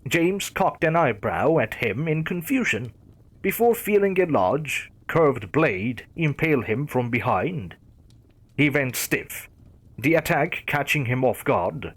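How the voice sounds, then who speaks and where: A man reading a horror story as scripted narration in a dramatic, measured way. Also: fairly high pitch, very animated, slightly rough.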